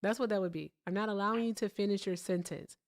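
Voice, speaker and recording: A woman hosting a live call-in debate, speaking in a pointed, measured way as she challenges callers. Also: mid-range voice, steady tone. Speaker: host of a call-in debate show.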